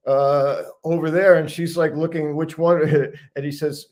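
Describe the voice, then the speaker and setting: A man's voice: a little high, flat delivery, unhurried, a little mellow. Chatty older American man telling a story. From United States. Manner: chatty, self-deprecating, amused, many restarts. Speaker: regular guest. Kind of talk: casual storytelling.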